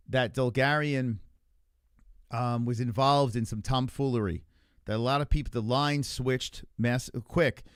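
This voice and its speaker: A man's voice: medium pitch, dry recording, clean studio sound. Loose, swearing male livestream host. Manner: rambling, loose and swearing a lot. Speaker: livestream host reading chat. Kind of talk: casual profane livestream chat.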